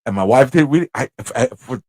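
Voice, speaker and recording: A man with a New York accent, a livestream host telling a story in a casual, animated way, acting out voices and laughing often. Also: medium pitch, a little fast, no room sound. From Corona, Queens, New York.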